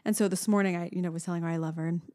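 A woman in her thirties co-hosting a podcast, chatting in a lively, giggly way about family and daily life. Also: on the low side, rapid-fire. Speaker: podcast co-host. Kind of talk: casual chat.

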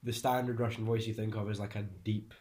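A young man with a lowish voice talks casually, explaining things at length. He often restarts his sentences and pauses to hunt for the right word, with a loose, unscripted flow. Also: fairly even intonation, dark tone. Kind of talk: casual conversation.

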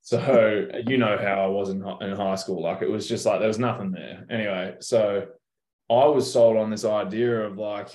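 Young Australian guy, deep and monotone, relaxed storyteller with a salty mouth; echoey room. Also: normal speed. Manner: laid-back, swears freely, tells stories. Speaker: professional basketball player, guest. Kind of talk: casual interview chat. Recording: roomy echo.

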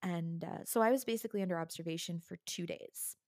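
A woman's voice: fairly low pitch, fast talker, gravelly, dry recording, studio quality. Woman telling a personal story. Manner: animated, acts out the other people she quotes. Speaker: guest. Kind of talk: casual storytelling in conversation.

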